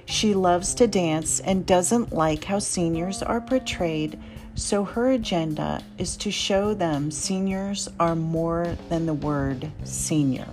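Woman narrator, slow scripted podcast intro, a bit low-pitched, soft music under. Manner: measured, read-aloud delivery. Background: faint music.

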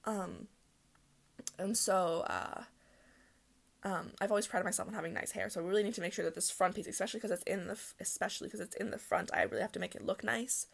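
A woman's voice: medium pitch, steady tone, fast talker, creaky, slightly rough. A young woman hosting her own solo podcast, chatting in a rambling way full of ums and restarts. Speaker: podcast host. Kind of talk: casual solo podcast chat.

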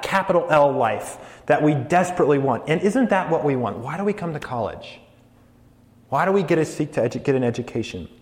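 Earnest preacher in an echoey hall. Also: male voice, on the high side. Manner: earnest, builds emphasis, light jokes. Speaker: campus ministry preacher. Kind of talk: sermon to college students. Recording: echoey hall with long reverb.

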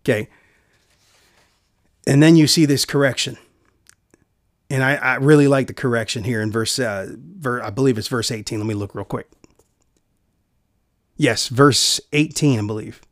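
A man's voice: medium pitch, normal speed, long pauses, no room sound. Earnest preacher man, dry close sound. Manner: earnest, repeats key phrases, drops to a hush for quiet lines. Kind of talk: sermon.

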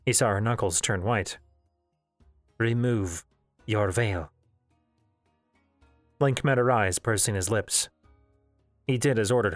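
Guy reading a fantasy novel out loud, steady and even, dry close mic, faint music behind. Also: fairly low pitch, dry recording. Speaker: audiobook narrator.

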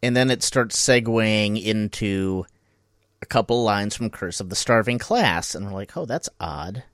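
Very deep-voiced man, dry close sound. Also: expressive, a little slow, a bit bright, dry recording. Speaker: podcast co-host. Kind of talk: casual comedic recap chat.

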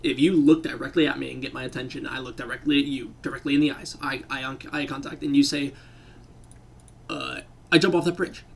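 Gravelly guy game master, emphatic, keeps repeating words. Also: medium pitch, level tone, brisk. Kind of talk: casual podcast chat.

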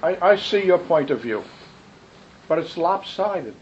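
A man with a slightly high voice gives a rambling spiritual talk, full of stories and asides. The recording is muffled and lo-fi. A faint hiss runs underneath. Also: unhurried. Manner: rambling, animated storytelling with asides. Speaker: spiritual teacher. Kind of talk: dharma talk with questions.

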